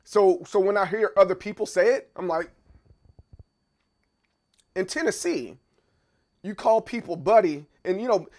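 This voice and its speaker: A man's voice: high-pitched, expressive, measured pace, pauses often, darkish tone. A man in his thirties hosting a livestream, chatting casually through viewer comments and often stopping to repeat words as he thinks aloud.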